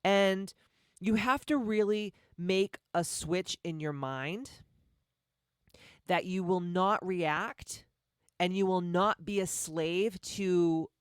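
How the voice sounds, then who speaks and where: Deep-voiced woman ranting bluntly. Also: slow, clean tone, no room sound, clean studio sound. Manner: blunt, profane and confrontational; repetitive rhetorical questions. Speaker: podcast host. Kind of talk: motivational podcast rant.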